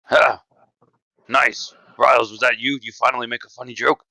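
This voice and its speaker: A man playing a tabletop game, talking animatedly and bursting into loud laughs. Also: mid-range voice, fairly even intonation, moderate pace, creaky, dry recording. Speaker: player. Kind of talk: casual tabletop play. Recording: dull, dry mic.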